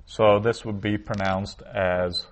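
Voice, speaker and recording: A man's voice: lowish voice, flat delivery, slow. A man teaching a class, explaining reading points patiently and methodically, with small restarts.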